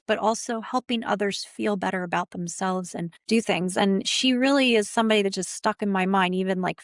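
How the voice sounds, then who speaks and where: A woman's voice: mid-range voice, no echo, clean studio sound. A middle-aged woman, a pageant titleholder, tells her story in an interview in an earnest, heartfelt way.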